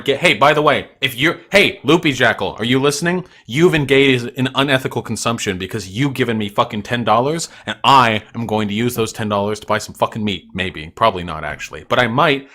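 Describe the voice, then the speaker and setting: Young guy streaming, swearing a lot, mocking and combative, mid-pitch voice. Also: sharp tone. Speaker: livestream host. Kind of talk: ranting livestream chat with viewers.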